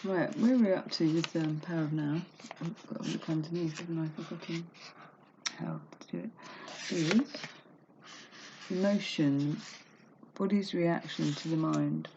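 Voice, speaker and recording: Gravelly woman on a lo-fi webcam. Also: low-pitched, steady tone, a little slow, pauses often, mellow, a little hiss or hum. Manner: emotional, open, chatty with laughs and self-talk. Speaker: vlogger reading a self-help book aloud. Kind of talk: casual rambling vlog. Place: home room. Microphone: laptop webcam mic. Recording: dull lo-fi webcam recording.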